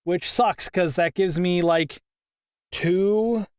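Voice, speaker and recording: A man in his twenties reads a scripted game critique, his high voice slow, mellow and smooth, recorded in a clean studio with no echo. He keeps tripping over words and swears often, frustrated at his own misreads, so the narration comes with outtakes.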